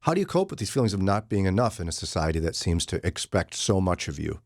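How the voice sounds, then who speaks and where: A man hosting a morning radio show, telling joking stories in a casual, animated chat. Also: low voice, quick pace, creaky, no echo, clean studio sound. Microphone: studio microphone.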